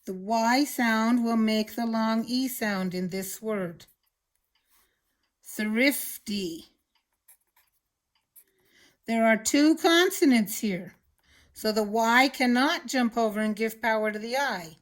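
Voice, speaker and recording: Slow, patient phonics teacher woman. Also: a little high. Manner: slow, patient, clearly enunciating words. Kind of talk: children's phonics lesson.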